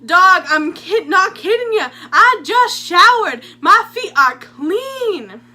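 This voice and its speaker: A woman voicing a brash young male psych ward patient who talks in loud, drawn-out street slang. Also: very high-pitched, expressive, voice pushed up, full character voice. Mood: defensive.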